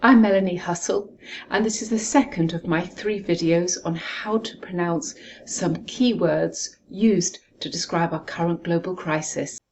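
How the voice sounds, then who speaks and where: Woman, pronunciation coach, very slow deliberate delivery, breathy, slightly low voice. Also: darkish tone, slight background noise. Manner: slow, deliberate, spells out sounds one by one.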